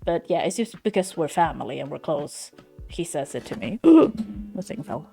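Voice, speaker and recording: A young Swedish woman chats casually while streaming from home, her low voice lively in intonation, at normal speed, with vocal fry and a dark tone. She vents frankly in loose run-on sentences, swearing, while faint music plays behind her.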